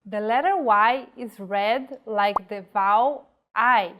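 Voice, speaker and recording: Slow, careful woman teaching pronunciation. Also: medium pitch, a bit bright. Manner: slow, carefully enunciated example words. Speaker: language teacher. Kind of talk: scripted language lesson.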